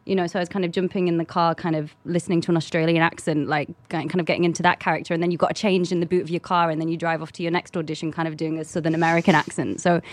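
A woman's voice: lowish voice, flat delivery, racing, few pauses, no room sound. A young English woman, an actress guest, chatting casually with frequent "kind of" fillers and easy laughter. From England. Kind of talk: casual interview chat.

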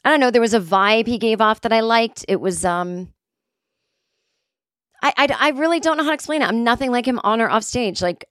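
Woman host, comedian, chatty storyteller, mid pitch, dry close recording. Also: clean tone, dry recording. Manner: chatty, many fillers, reads quoted messages aloud, jumps up in pitch when excited. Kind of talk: casual storytelling monologue.

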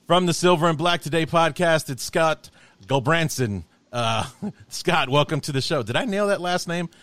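A man's voice: a little high, normal speed, a bit bright, no echo. Chatty podcast host man, fillers. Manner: rambling, many fillers and restarts. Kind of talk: casual sports podcast chat.

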